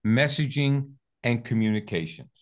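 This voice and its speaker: A man's voice: medium pitch, moderate pace. An older man, a sales coach, telling a story with energy and acting out both sides of the conversation as an interview guest. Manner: lively storyteller, acts out both sides of dialogue.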